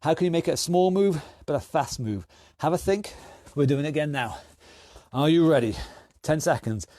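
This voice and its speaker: A man's voice: fairly high pitch, expressive, moderate pace, mellow, no echo, studio quality. A man leading an online exercise class, counting down rounds and calling out moves with encouragement. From United Kingdom. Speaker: fitness instructor. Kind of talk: online workout class coaching.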